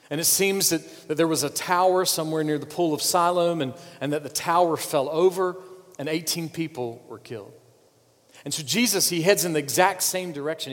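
A man preaching a sermon as a pastor, swinging from loud urging to hushed pleading and repeating words for weight. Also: a little high, in a large hall.

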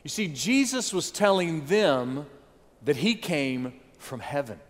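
A man preaching a sermon, acting out what the crowd thought in lively, rising voices. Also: slow, big-room sound. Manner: animated preaching, acts out crowd voices with rising pitch and volume. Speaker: pastor.

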